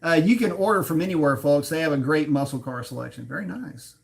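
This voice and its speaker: Chatty car-show livestream host, slightly high voice. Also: male voice, expressive, fast talker, vocal fry. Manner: chatty, reads viewer comments aloud and riffs on them; swears and laughs at his own slips. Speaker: livestream host reading chat. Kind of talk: casual live chat about cars.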